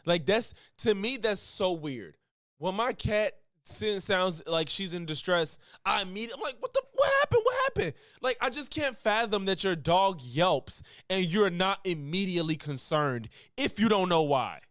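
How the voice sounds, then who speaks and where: A man streaming casual reaction commentary, animated, laughing often and breaking into loud exclamations. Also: sits high, a little slow, dry recording, studio quality.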